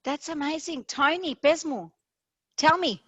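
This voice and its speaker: A woman's voice: sits high, measured pace, a bit bright. A woman with an Australian accent hosting an interview, full of eager praise for her guests. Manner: enthusiastic, gushing praise. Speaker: show host.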